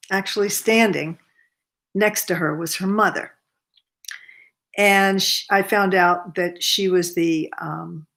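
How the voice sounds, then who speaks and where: A woman in her seventies, a massage therapist, telling a personal story to camera in an unhurried, earnest way from her cozy home by a fireplace. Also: lowish voice, a bit bright. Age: 70s.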